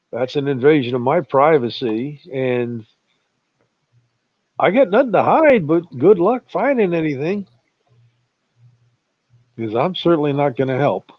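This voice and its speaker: A man talks at an unhurried crawl, chuckling now and then as he spins his stories. His voice sits a touch high. The sound is muffled and dry, like a lo-fi voice chat. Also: expressive, no echo. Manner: slow, drawling storyteller, chuckles often. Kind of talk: casual chat.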